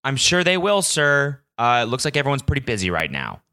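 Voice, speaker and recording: A man's voice: mid-range voice, fairly quick, clear, resonant tone, heavily acted. A man doing a curt, dismissive store clerk girl. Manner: flat, patronizing brush-off. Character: curt, dismissive young female store employee.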